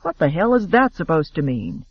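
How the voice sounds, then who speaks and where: A man's voice: a little high, wildly swooping pitch, moderate pace, slightly rough, highs cut off, heavily acted. A man voicing a sardonic, brooding young gambler in an audiobook, speaking in a curt, sarcastic way. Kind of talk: audiobook character voice.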